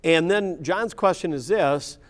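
Lively, higher-voiced man leading Bible class. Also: measured pace. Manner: conversational, keeps checking in with "right?" and "yeah". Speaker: Bible study leader. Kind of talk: informal Bible class teaching.

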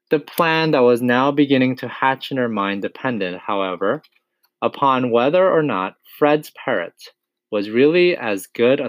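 A man reading a children's storybook aloud, steady and expressive. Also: fairly low pitch, no echo. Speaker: narrator.

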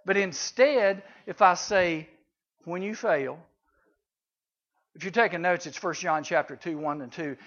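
A youth preacher delivers a conversational sermon to junior high students, swinging between loud and hushed. He keeps a moderate pace with few pauses, and the recording is dull and lo-fi.

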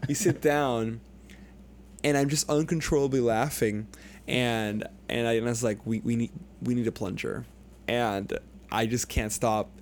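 A young man casually telling a long, animated story on a podcast, swearing freely and acting out what people said. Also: medium pitch, a little slow, a little hiss or hum. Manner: animated, profane, acts out quotes. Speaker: podcast co-host.

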